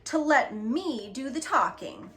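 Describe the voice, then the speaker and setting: A woman reads a prim, no-nonsense nanny who scolds the people around her. Her lines come out sharp and cross, a little higher than the narration. Soft music sits under the storybook. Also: lively intonation, slow. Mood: stern. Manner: stern and cross.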